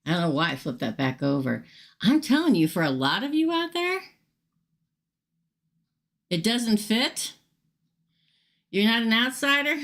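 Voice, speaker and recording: A middle-aged woman hosts a casual tarot reading live, talking straight to her viewers in a chatty, upfront way. Her voice sits fairly low but swings widely in pitch. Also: fairly bright tone. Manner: chatty, upfront, talks straight to viewers and reads chat aloud. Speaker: tarot reader hosting a livestream.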